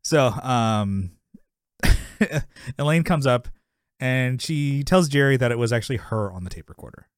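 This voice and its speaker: A man's voice: medium pitch, animated, a little slow, pauses often, smooth, dry recording, studio quality. Rambling man recapping, laughing often. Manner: rambling, laughs often, acts out characters' lines. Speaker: podcast co-host. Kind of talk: casual chat recapping a sitcom episode.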